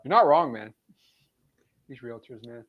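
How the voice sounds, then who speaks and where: A man hosting a casual chat, talking in a relaxed way with hesitant restarts. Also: medium pitch, unhurried. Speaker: show host. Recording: dull, muffled sound.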